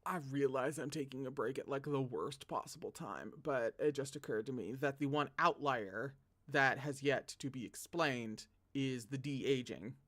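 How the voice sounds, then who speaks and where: A man reading a novel aloud as host of a read-along, animated and often stopping to joke and laugh at the text. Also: mid-range voice, a little slow. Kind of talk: read-along narration with asides.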